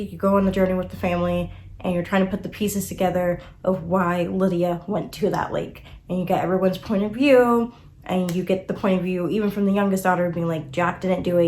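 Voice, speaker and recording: Young woman, book reviewer, casual chat delivery, emotional and animated. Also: on the low side. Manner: emotional and animated, many fillers like "like" and "you know".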